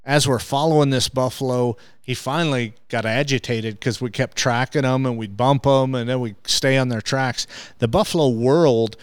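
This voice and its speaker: Lively man telling a hunting story. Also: medium pitch, normal speed, clear, resonant tone, no echo, studio quality. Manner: restarts and repeats words when excited. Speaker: hunting show host, interview guest. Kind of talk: animated storytelling.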